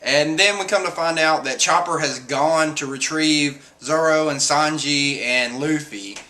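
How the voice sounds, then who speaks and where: A man's voice: on the high side, measured pace, bright, forceful tone. A man reviewing a comic chapter in a casual, chatty, amused retelling. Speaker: manga reviewer.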